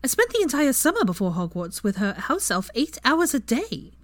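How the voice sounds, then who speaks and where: A woman's voice: fairly high pitch, very animated, normal speed, no room sound, pitched above the performer's own voice. A woman voicing a cheerful, sly young witch who talks in a playful, sugary way, in a fan fiction reading.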